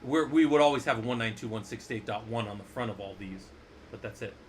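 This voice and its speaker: A man's voice: on the low side, steady tone, quick pace, a little hiss or hum. A man teaching a casual screen-share lesson as an instructor, playful and jokey, often asking the viewers questions.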